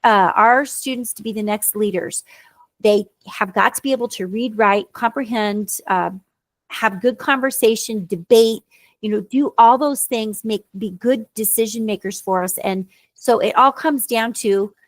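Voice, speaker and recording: A woman's voice: a little high, measured pace, no echo. A woman tutor co-hosting a casual chat about reading, earnest and explanatory. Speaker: tutor and podcast co-host.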